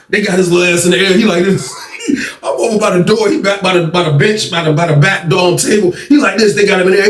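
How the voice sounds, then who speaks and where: A man casually telling a story in a slangy, animated way, acting out scenes. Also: high-pitched, fast. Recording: roomy sound from a distant mic.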